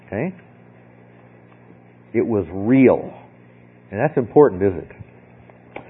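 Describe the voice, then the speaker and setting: Man, bible teacher, husky voice, chatty sermon, keeps asking okay, tinny phone-like sound. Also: lowish voice, animated, slow pace, pauses often. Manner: conversational, repeats "okay?" to check in.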